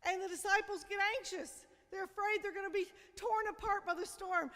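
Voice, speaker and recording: A woman minister with a high voice preaches in a church sanctuary. Her delivery moves between emphatic, rising appeals and soft, close asides. A long reverb from the large room trails after each phrase. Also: expressive, normal speed, few pauses. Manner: emphatic, conversational preaching with quiet, intimate drops. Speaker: senior minister. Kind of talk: sermon.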